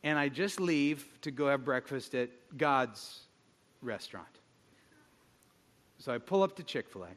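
Animated male pastor in a reverberant hall. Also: mid-range voice, measured pace, long pauses. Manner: animated storytelling with self-mocking humor. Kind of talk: sermon. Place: church hall.

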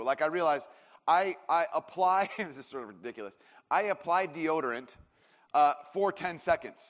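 A man's voice: a little high, fairly bright tone. A man in his thirties preaching a sermon, telling a story in a rambling way with lots of fillers and restarts. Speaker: pastor. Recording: long hall reverb.

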